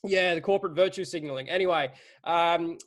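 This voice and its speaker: Blunt, animated man hosting. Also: a little high, fairly quick. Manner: blunt, animated, swears casually. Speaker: webinar host. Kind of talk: casual webinar chat.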